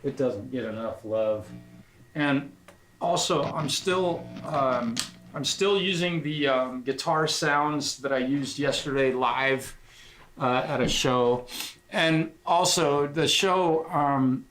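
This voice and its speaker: A man's voice: medium pitch, takes it slowly, a bit bright. A middle-aged man livestreaming as a guitarist, chatting casually in a rambling, sentimental way with frequent swearing.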